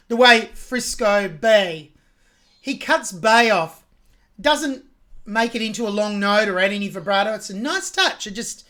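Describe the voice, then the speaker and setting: A woman's voice: fairly high pitch, a bit bright. A woman with an Australian accent hosting a song reaction, talking through a singer's technique with open admiration. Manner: admiring, analytical about vocal technique. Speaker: music reaction host.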